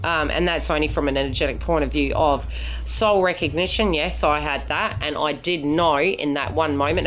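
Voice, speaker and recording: A woman psychic reader talking casually to her viewers, blunt and frank, swearing and often asking "right?" to check they follow. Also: deep voice. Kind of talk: casual spiritual talk to viewers.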